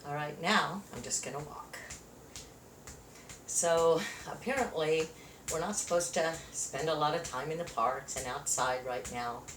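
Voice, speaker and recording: A woman's voice: sits low, unhurried. A woman leading a chair yoga class, counting out moves and giving encouraging cues while a little out of breath. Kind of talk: exercise class instruction. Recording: roomy echo, distant mic, faint noise.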